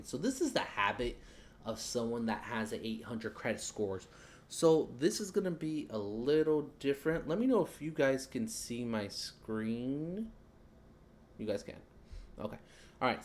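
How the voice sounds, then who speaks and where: A man teaches credit basics on a live stream in a relaxed, chatty way, with a mid-pitched voice. He keeps talking while he clicks around his computer. A faint hiss of noise sits under the voice. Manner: loose, chatty, talks while fumbling with the screen. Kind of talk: casual live-stream explanation.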